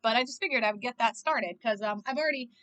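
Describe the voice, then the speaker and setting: High-pitched woman ranting about a movie, swears a ton, bright edgy voice. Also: quick pace, low-quality recording. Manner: animated, swears constantly, exclaims and laughs. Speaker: movie reaction vlogger. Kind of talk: casual reaction commentary.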